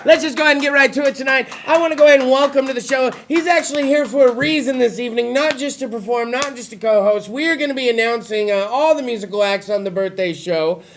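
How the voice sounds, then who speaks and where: A man hosting a crude comedic internet talk show, loud and profane, joking with his guests. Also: very high-pitched, fast, hardly any pauses, slight background noise.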